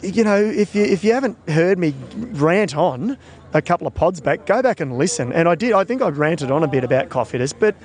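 Australian male co-host, slightly raised pitch, loose and joking. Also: animated, a little fast, a little mellow. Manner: chatty, laughs often, teasing. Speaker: podcast co-host and cycling commentator. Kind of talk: casual chat.

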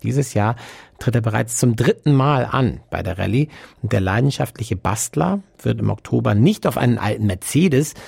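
Husky, gravelly male narrator. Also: mid-range voice, dark tone, no echo. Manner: measured report delivery. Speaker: reporter. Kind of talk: scripted narration.

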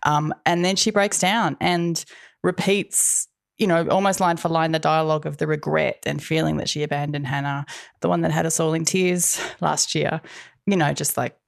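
A woman's voice: low-pitched, steady tone, normal speed, creaky, no echo, studio quality. A woman co-hosting a podcast, recapping a TV episode in a chatty, wry way and laughing often. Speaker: podcast co-host. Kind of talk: casual TV recap chat.

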